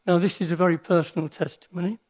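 An older man giving a sermon with personal stories, speaking in an earnest, reflective way with pauses and restarts. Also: high voice, fairly even intonation, darkish tone.

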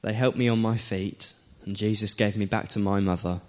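A man's voice: fairly low pitch, fairly even intonation, normal speed, a little mellow, lightly acted. A man playing a young man raised from the dead, telling his story with wonder in a first-person monologue. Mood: amazed. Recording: long hall reverb.

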